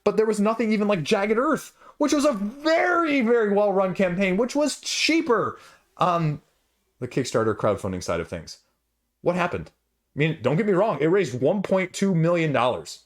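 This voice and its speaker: A board game channel host rants casually to camera about his opinions, passionate and emphatic, his high, sing-song voice jumping when he gets worked up. He speaks at normal speed.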